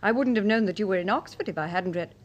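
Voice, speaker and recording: An actress playing a worldly, sharp-tongued novelist in a radio drama. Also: female voice, medium pitch, fast, lightly acted. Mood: wry. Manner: poised, sardonic.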